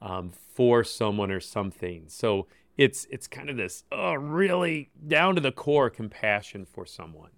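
A man co-hosting a conversational Bible discussion, thoughtful and gentle, with casual fillers as he reflects. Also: medium pitch, animated, unhurried, few pauses, no room sound. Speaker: co-host.

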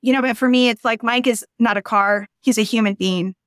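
A middle-aged woman talking frankly and earnestly as a guest on a podcast interview, going on at length and rising high when exasperated. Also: fairly even intonation, fairly quick, fairly bright tone, smooth, no room sound.

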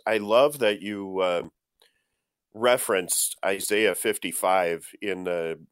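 Man, co-host, bible talk, chuckling, hesitant, low pitch, dry. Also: no echo. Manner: chuckling, hesitant with many fillers. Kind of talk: Bible study discussion.

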